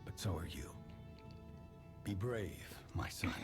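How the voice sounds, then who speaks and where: An actor playing a solemn elderly father in a video game, speaking in a grave, measured way to his son. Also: low voice, lively intonation, faint music behind. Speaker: game character.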